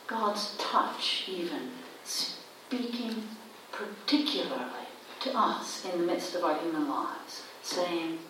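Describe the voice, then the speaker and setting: Slow-preaching woman pastor in echoey church. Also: lowish voice, animated, a bit bright, slight background noise. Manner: slow, deliberate preaching with repeated phrases and emphatic rises. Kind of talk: sermon at a baptism. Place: church sanctuary. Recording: echoey church from a distant mic.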